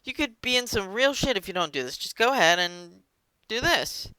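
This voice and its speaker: A man voicing a pushy, smooth-talking businessman on a phone call, using high, loud, wheedling salesman patter. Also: sing-song, normal speed, dry recording, heavily acted. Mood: coaxing.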